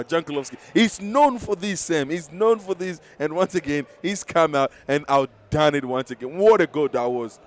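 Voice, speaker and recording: A man commentating live on a futsal match, excitable, laughing often and losing his voice. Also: on the high side. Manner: excitable, shouting at big moments, laughing often.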